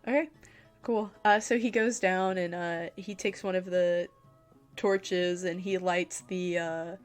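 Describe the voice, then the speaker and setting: A woman running a tabletop game as game master, narrating casually with many fillers and pauses. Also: fairly low pitch, steady tone, clear, resonant tone, soft background music.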